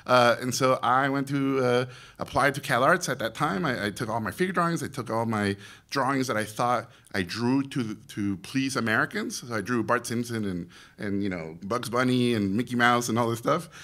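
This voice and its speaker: A man in his forties with a Mexican accent gives an animated storytelling talk to students. His voice is bright and forward, with a ringing edge. He slips into the voices of the people in his stories. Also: medium pitch, normal speed. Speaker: guest speaker, animation director.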